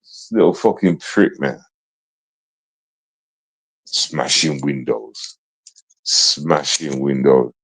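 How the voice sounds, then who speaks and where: A man's voice: a bass voice, very slow, long pauses, a bit bright, breathy edge, rough recording. A man hosting a livestream, ranting in a casual, confrontational way and repeating himself. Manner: confrontational, repetitive, slangy, restarts often. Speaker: livestream host.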